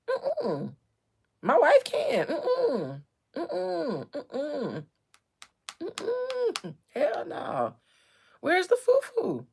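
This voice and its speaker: A woman voicing a proud, defiant male leader who scoffs loudly and mockingly. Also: extremely high pitch, creaky, voice pushed up, exaggerated voice. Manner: exaggerated squealing scoffs, loud and mocking.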